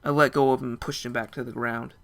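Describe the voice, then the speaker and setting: A man's voice: mid-range voice, flat delivery, fast talker, a bit bright. A young man narrating a first-person story in a casual, dramatic way. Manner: casual, dramatic, with short laughs.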